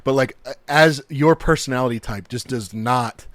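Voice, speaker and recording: A man's voice: mid-range voice, moderate pace, a bit bright, no room sound. Podcast cohost guy, laughs a lot, rambly stories, dead dry sound. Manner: laughs often, loose rambling storytelling. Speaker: podcast co-host. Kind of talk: casual chat.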